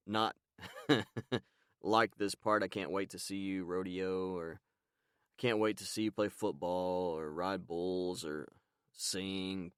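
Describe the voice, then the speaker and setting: Deep-voiced dad talking to his baby. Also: no echo, clean studio sound. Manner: warm, rambling, with frequent ums and soft laughs. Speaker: podcast host and father. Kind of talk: casual talk to his baby son.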